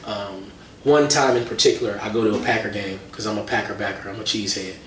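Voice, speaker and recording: A man, a hip-hop artist, talking as a guest in a casual interview, telling animated stories with plenty of slang. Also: lowish voice, fast talker. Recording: roomy, distant mic, faint noise.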